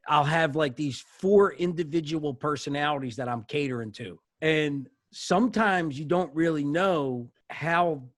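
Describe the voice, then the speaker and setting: Swearing, animated bartender. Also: male voice, on the high side, no room sound, clean studio sound. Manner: animated storyteller, swears often. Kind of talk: casual podcast chat. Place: podcast studio.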